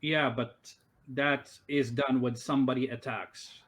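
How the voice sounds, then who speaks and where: A man's voice: mid-range voice, fairly even intonation, unhurried, a bit bright. A man acting as game master in an online tabletop game, thinking aloud with many fillers as he runs the rules.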